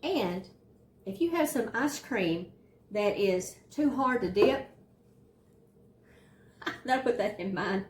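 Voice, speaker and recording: Southern woman, cooking-channel host, homey and encouraging, mid pitch, echoey kitchen sound. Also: a little hiss or hum. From Southern United States. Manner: folksy, chatty, encouraging. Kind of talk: casual cooking demonstration. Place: home kitchen.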